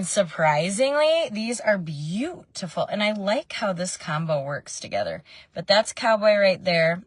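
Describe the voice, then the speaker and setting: A woman's voice: lowish voice, dry recording. Chatty woman vlogging from her car. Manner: chatty and meandering, with frequent ums. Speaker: makeup vlogger. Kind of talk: casual makeup tutorial chat. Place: parked car.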